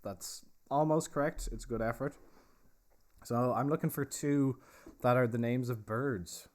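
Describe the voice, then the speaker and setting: A man's voice: medium pitch, a little slow, darkish tone. Chatty man hosting a pub quiz. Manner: chatty, joking, confirming audience answers. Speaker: host and pub guide. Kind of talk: casual live virtual pub tour and quiz. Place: inside a pub.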